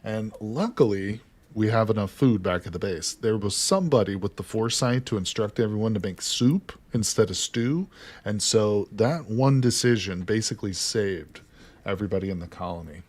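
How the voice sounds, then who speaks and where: A man with an American accent and a slightly low voice chats on a game live stream. He teases his viewers and his co-player, swearing casually as he jokes. His talk is loose and conversational. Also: expressive, normal speed, darkish tone. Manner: joking, teasing, swears casually.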